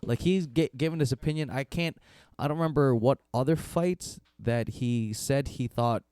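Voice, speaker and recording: Laid-back guy cohosting a podcast, warm low-key tone, rambles a bit and says yeah a lot, dry close mic. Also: normal speed, smooth, dry recording. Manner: rambling, agreeable, lots of "yeah" fillers. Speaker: podcast co-host. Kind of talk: casual chat.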